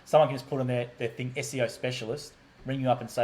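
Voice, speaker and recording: A man co-hosting a casual chat, upbeat and quick in bursts. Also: medium pitch, fairly even intonation, a little mellow, rough recording. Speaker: co-host.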